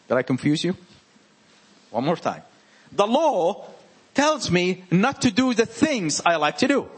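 Husky, animated preacher with a French accent. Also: male voice, on the high side. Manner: animated, repetitive and emphatic. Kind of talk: informal sermon to a small group.

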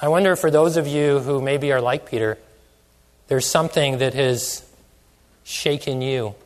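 A man's voice: medium pitch, unhurried. A man preaching a sermon, asking many questions and stretching out phrases for emphasis. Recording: long hall reverb.

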